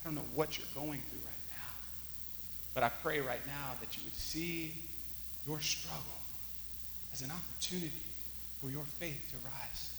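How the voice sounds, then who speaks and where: A pastor preaching a sermon, swinging from loud exclamations to hushed near-whispers. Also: male voice, mid-range voice, normal speed, pauses often, big-room sound, a little hiss or hum, poor audio.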